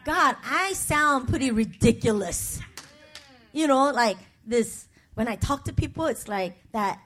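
A woman's voice: on the high side, animated, unhurried, fairly bright tone. A middle-aged woman pastor giving a personal, emotional sermon, speaking to the congregation and calling for their responses. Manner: emotional, confessional preaching with call-and-response; conversational and personal, with asides to the congregation.

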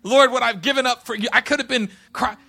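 A man preaching a sermon, impassioned, moving between hushed passages and loud declarations, with folksy humorous asides. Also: very high-pitched, fast talker. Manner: impassioned, swings from hushed to loud, quotes scripture.

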